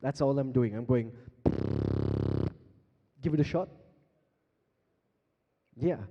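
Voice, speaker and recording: The audio is dull and very noisy as a medium-pitched man speaks a little slowly. With an Indian English accent, he emcees and beatboxes at a live conference, playfully coaxing the crowd to take part. A handheld stage mic in the large hall captures long reverb.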